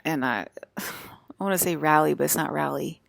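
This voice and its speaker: A woman's voice: deep voice, normal speed, gravelly, no echo. A woman, a mother, rambling casually to her audience from a hotel room, often restarting her sentences. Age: adult with children. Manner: chatty, wandering, restarts mid-sentence. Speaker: vlogger.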